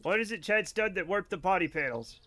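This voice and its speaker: Male game streamer, high voice, rambling and excitable, swears a lot, mock-angry banter with chat. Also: brisk, very noisy. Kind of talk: casual live-stream chat while gaming.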